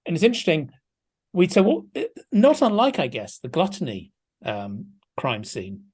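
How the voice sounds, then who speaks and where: A man's voice: a little high, huge pitch swings, normal speed, a little mellow, breathy edge. Hesitant, thoughtful man. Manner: thoughtful, hesitant, many restarts. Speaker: film scholar guest. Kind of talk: casual podcast discussion.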